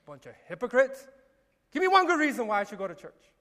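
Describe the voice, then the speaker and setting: Man doing a ranting grumpy husband, raised higher voice, echoey hall reverb. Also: big pitch swings, quick pace, a bit bright, heavily acted. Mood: indignant. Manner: indignant, ranting complaints. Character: grumbling middle-aged husband refusing church.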